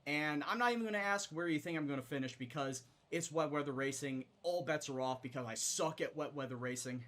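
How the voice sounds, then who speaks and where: A man's voice: a little high, fairly quick. A man commenting on his own racing game, swearing and venting at his driving. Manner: swears and shouts in frustration; self-deprecating. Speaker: gaming streamer. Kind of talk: casual gameplay commentary.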